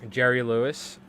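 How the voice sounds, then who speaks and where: This is a man in his thirties, live-streaming while he ties flies and chatting casually, rambling and laughing often. His voice sits at medium pitch with a fairly bright tone, and there's slight background noise.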